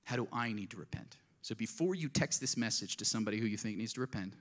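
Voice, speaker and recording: A man's voice: on the low side, expressive, quick pace. A man preaching a sermon to his congregation, earnest and conversational, often asking them direct questions. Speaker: pastor.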